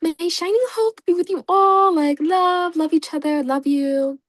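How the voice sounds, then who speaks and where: A woman doing a sweet sing-song mascot girl. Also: measured pace. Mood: gushing. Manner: gushing, high sing-song. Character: sweet, cheery good-hearted female mascot.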